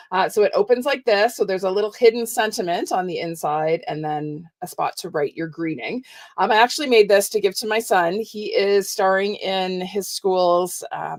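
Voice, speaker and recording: A middle-aged woman giving a chatty, step-by-step live craft tutorial with soft asides. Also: mid-range voice. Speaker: card-making demonstrator.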